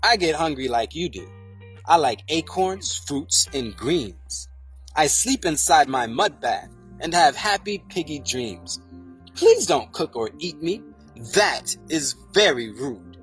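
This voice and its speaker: A reader reading a children's picture book aloud in a slow, sing-song way. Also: mid-range voice, sing-song, fairly bright tone, breathy edge, soft background music. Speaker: storybook reader.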